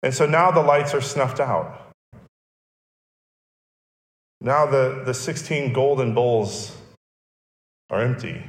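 A man's voice: medium pitch, a little slow. A male pastor preaching a sermon, explaining and repeating key phrases for emphasis. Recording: echoey church hall.

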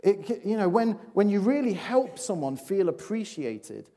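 A man's voice: sits high, big pitch swings, unhurried, dark tone. A man giving a playful children's talk in a church service, chatting and asking the audience questions. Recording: long reverb of a large hall.

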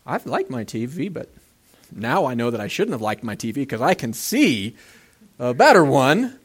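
A man's voice: medium pitch, very animated, moderate pace, breathy edge. A pastor preaching a sermon in a church, talking animatedly and acting out the voices of people he quotes.

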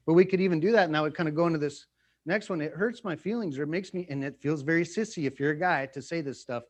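A middle-aged man preaching in a relaxed, conversational way, joking and laughing at himself often. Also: fairly high pitch, quick pace. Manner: playful, self-mocking, jokes and laughs often. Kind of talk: conversational sermon.

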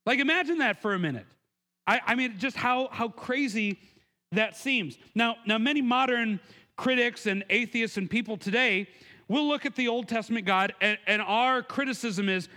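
A man's voice: normal speed, pushed and bright. A man preaching a sermon in an earnest, conversational way, often restarting his words and raising his voice to act out the quotes. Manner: acts out quotes with raised pitch and emphasis. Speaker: pastor.

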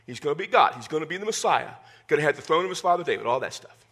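A man preaching in a high, bright voice that swoops up and down as he jokes with his congregation. His tone is a little husky, and his delivery is folksy and animated. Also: very fast. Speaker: pastor. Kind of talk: sermon. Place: church sanctuary with congregation.

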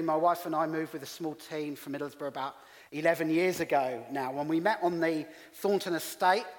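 A middle-aged English man preaching as a pastor, telling stories with self-deprecating humour. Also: a little high. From England. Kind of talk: sermon. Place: church hall. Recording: long reverb of a church hall.

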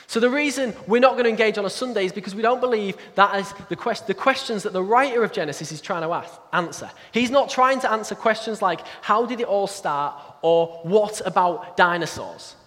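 A man giving a sermon in a conversational, self-deprecating way, with quick asides. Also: sits high, fairly bright tone. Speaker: pastor. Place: church hall. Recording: echoey church hall.

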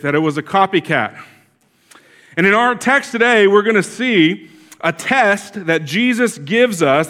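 High-voiced man preaching conversationally. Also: pushed and bright. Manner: conversational storytelling with restarts and asides. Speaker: pastor. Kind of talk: sermon.

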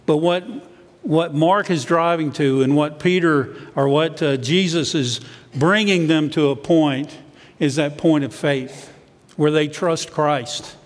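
A man's voice: a little high, slow pace, big-room sound. A man, a church elder, preaching a sermon in a conversational way, sometimes acting out what the disciples said.

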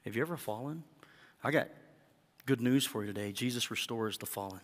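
Pastor preaching in a reverberant hall. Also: male voice, medium pitch, a little fast. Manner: animated storyteller, acts out quotes. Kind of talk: sermon.

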